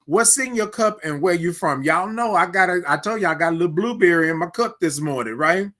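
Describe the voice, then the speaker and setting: Speaking briskly in a high, expressive and slightly bright voice, this host from Houston, Texas runs a laid-back morning livestream. He reads viewer comments out loud, chats freely, peppers his talk with "right?" and "y'all," and has a desk microphone he can push aside.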